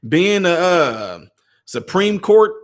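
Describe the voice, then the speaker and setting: An animated male vlogger delivering a sarcastic commentary rant in a fairly high voice. He stammers and restarts often, shifting between loud and soft. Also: slow.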